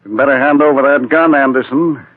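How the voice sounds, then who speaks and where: A man playing a calm stern DA. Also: medium pitch, no room sound, close to an everyday voice. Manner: calm, dry, measured authority. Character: calm crusading male district attorney. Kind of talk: 1940s radio acting. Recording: tinny dry old radio broadcast.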